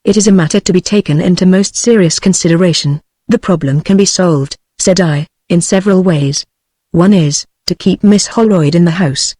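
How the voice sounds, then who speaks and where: A woman's voice: fairly low pitch, normal speed, darkish tone, no echo. Text-to-speech British woman reading a novel. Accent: British English. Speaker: audiobook narrator. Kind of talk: synthetic audiobook reading.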